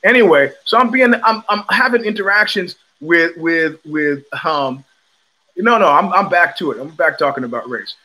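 On a casual livestream, an older host with a New York accent tells stories with blunt swagger, peppered with profanity and lots of restarted sentences. His voice is on the high side, at a normal speed.

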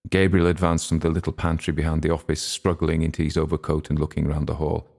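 A man narrating a classic short story in an audiobook, reading in a measured, steady way. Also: rumbling low, creaky.

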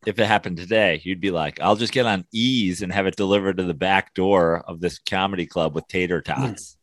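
A man hosting a casual chat, adding quick jokes and reactions. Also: sits low, steady tone, a bit bright.

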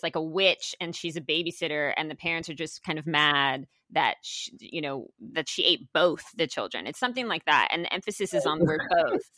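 Bright lowish lady host, giggly casual chat, dry close sound. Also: no room sound. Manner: chatty, giggly, full of "like" fillers. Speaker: podcast host. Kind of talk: casual conversation.

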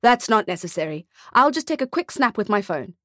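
A woman's voice: medium pitch, big pitch swings, brisk, a bit bright, no echo, studio quality. A woman voicing an exhausted, reluctant young father with a tired, exasperated way of talking.

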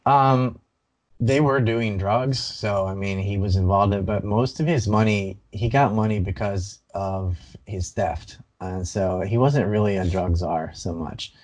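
A man's voice: fairly low pitch, unhurried, darkish tone. A man talking casually on a video call, rattling off dense information with many fillers. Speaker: podcast host. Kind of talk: casual interview talk.

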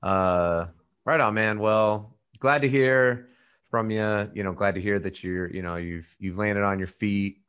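A man's voice: lowish voice, a little slow, a bit bright, clear, resonant tone, muffled recording. A man hosting a podcast in casual chat, rambling with lots of fillers and restarts. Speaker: podcast host.

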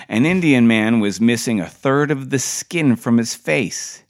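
Slow, wry middle-aged male essayist. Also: medium pitch. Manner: dry, wry storytelling. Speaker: podcast essayist. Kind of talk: reading a personal essay.

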